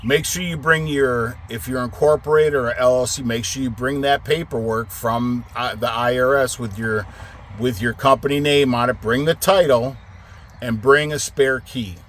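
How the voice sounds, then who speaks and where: A middle-aged man rambles through a trucking story in a casual monologue, cursing freely. His voice sits at an ordinary pitch for a man, and he grows heated and loud as he retells it. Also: steady tone, normal speed, slight background noise. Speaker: trucking company owner.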